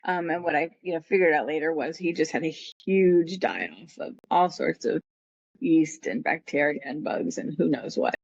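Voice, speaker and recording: A woman's voice: low-pitched, moderate pace, vocal fry, a little mellow, breathy edge. A middle-aged woman tells a personal story in a rambling, heartfelt way, slipping into the voices of the people she quotes. Her voice comes through a dull, muffled line with no room echo. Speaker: podcast guest.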